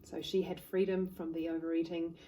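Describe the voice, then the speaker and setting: A woman hypnotherapist, calmly telling a client's story to the camera. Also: fairly low pitch, brisk, slight background noise, low-quality recording. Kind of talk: talking to camera, case story.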